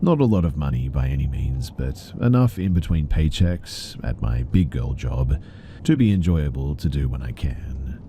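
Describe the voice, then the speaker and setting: Male horror narrator, extremely low and dark voice, calm measured scripted read. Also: a little hiss or hum. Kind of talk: scripted first-person story narration.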